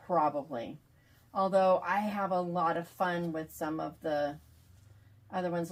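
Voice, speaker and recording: Chatty, animated woman author. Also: fairly low pitch, breathy edge. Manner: chatty, animated, quick to laugh. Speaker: author being interviewed. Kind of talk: casual video call chat.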